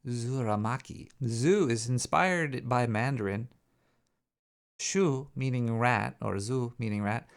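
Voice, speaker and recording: A man hosting a live show, rambling and joking as he thinks out loud. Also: mid-range voice, takes it slowly, gravelly, clean tone. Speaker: show host. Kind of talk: casual live show banter.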